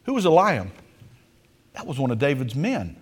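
Animated preaching man in an echoing hall. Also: medium pitch, moderate pace, husky. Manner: animated, dramatic storytelling preaching. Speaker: pastor. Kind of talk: sermon.

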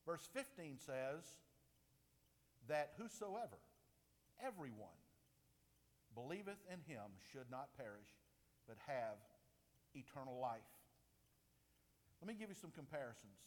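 A man's voice: big pitch swings, unhurried, long pauses. Man preaching in an echoing hall. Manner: emphatic, rises and falls sharply in pitch and loudness. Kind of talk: sermon. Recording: long reverb of a large hall.

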